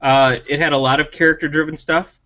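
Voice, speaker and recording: On a slightly muffled, dull lo-fi recording, a male co-host talks TV casually, voicing strong opinions in an emphatic rant with rising pitch. His intonation is fairly even, his pace fairly quick, his tone sharp.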